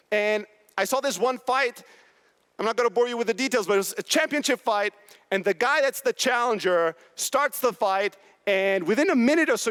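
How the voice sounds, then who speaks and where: Guy on a conference stage, fired up and swearing, pretty high voice, stage mic. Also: fairly bright tone. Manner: blunt, profane, high-energy. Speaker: keynote speaker. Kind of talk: motivational conference talk.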